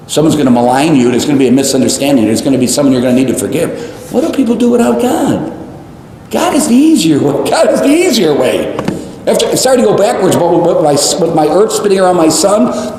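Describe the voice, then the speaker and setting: Male priest, lively sermon, repeats lines, echoey church, long reverb. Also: medium pitch, a little hiss or hum. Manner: animated, repeats phrases for emphasis, jokes and tangents. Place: large church.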